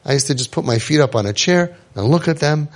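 A man's voice: a little high, animated, quick pace. A man giving an inspirational talk to an audience, telling stories with jokes and acting out the people he quotes. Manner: joking, acts out quoted people. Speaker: inspirational speaker.

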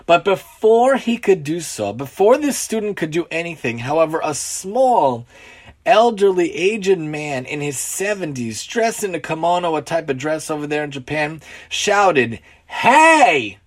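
A man giving a moral lesson through a story, in a fairly high voice. He speaks earnestly and repeats his points for emphasis. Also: big pitch swings, measured pace. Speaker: teacher of Musar lessons.

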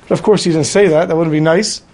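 A man's voice: a little high, fairly even intonation, quick pace, darkish tone. A man telling a story in a Torah class, acting out the voices of the people in it. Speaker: rabbi.

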